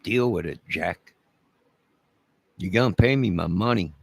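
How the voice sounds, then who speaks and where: A man's voice: deep voice, unhurried, gravelly, no room sound. A man delivering an angry, profane, repetitive rant to camera, making demands over and over. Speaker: vlogger.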